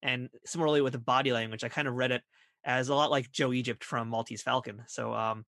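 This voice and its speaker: A man's voice: mid-range voice, fairly even intonation, fast, a bit bright, dry recording, studio quality. A man hosting a podcast, asking questions in an eager, fan-like way. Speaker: podcast host. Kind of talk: podcast interview.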